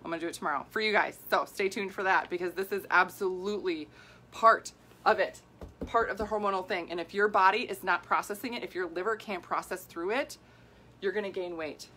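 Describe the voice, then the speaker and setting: A woman in her forties, a women's health coach, talking casually in a live video, animated and worked up as she answers viewer comments. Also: mid-range voice, fairly quick. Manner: animated and worked up, laughing, acting out quoted people.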